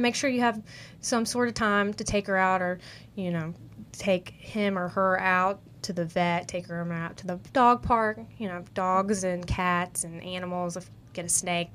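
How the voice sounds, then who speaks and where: A woman's voice: medium pitch, normal speed, a bit bright, slight background noise. Chatty young woman with a country accent. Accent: Southern US country. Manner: chatty, upbeat, heavy with "like" and "you know". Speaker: podcast host. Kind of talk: casual advice monologue.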